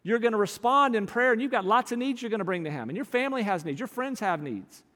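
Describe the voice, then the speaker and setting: A man delivering a sermon in a high, light voice, earnest and deliberate, drawing out the words he wants to land. His voice rings out with a long reverb, as in a large church sanctuary. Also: animated, a bit bright. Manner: earnest, slows and stresses key phrases. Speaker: pastor.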